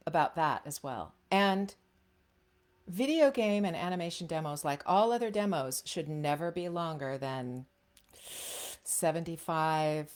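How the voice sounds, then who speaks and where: A middle-aged woman with a low-sitting voice coaches voice actors in a casual, frank teaching talk. She's chatty, with plenty of fillers and restarts.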